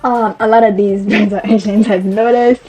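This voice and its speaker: Young woman vlogger, chatty and rambling, mellow husky voice, faint music underneath. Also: mid-range voice, steady tone, moderate pace. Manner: chatty, rambling, self-correcting. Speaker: fashion vlogger. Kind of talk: casual chat.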